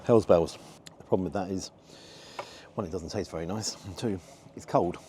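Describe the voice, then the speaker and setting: A man's voice: sits low, normal speed, dark tone, a little hiss or hum. A man giving a frank, disappointed running commentary as he tastes food outdoors for his review vlog.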